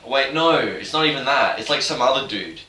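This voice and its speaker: A man's voice: medium pitch, fairly quick, distant mic. Rambling, irreverent young man, roomy sound. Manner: rambling, irreverent, offhand deadpan. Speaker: YouTuber. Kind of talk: comedic game-story recap. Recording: roomy, off-mic, faint hiss.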